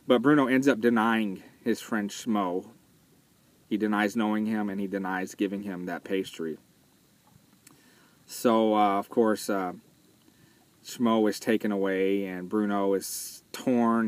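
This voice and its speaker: Earnest man retelling a film, lowish voice. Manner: earnest, conversational, hesitant with fillers and restarts. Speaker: vlogger reviewing a film. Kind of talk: casual spoken commentary.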